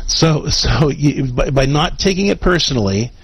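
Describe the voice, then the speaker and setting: A man hosting a call-in advice show, explaining calmly with frequent restarts and check-ins like "okay?". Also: fairly high pitch, normal speed, slightly rough, no room sound, rough recording. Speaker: radio advice show host.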